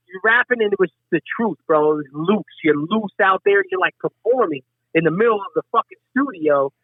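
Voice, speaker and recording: Guesting in a casual chat, a middle-aged man from Westchester, New York, who is a hip hop artist, spins profane, animated stories and acts out others' quotes. His voice sits high, and the sound is dry and tinny, phone-like.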